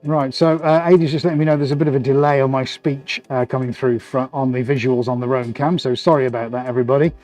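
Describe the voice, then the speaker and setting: A man's voice: medium pitch, steady tone, quick pace, hardly any pauses, a little mellow, faint music behind. A man hosting a live painting stream, chatting and joking as he works in his studio. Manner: chatty, jokey, laughs often while working. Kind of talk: casual live-stream commentary. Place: art studio, indoors.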